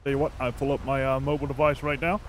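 A man's voice: mid-range voice, level tone, racing, a little hiss or hum, close to an everyday voice. A man voicing a laid-back Australian bushman in a game roleplay, in a put-on Australian accent, easygoing and saying "mate" a lot. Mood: cheerful.

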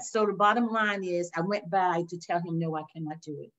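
Older woman telling a lively testimony. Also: lowish voice, normal speed, few pauses. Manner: animated storytelling, acts out voices, addresses listeners as y'all. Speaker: guest minister. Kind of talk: testimony in a faith interview. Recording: dull lo-fi sound.

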